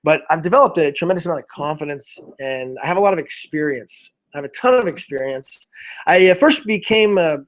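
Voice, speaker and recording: A man speaking as a motivational speaker to a group call, telling a personal story with lively bursts and frequent restarts. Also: a little high. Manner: animated, acts out his past self in quotes, many restarts.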